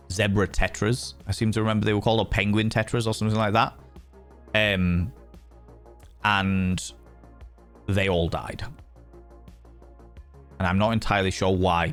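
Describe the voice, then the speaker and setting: A man hosting a livestream, chatting casually with viewers in a playful, theatrical way with mock outrage. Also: fairly low pitch. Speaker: livestream host.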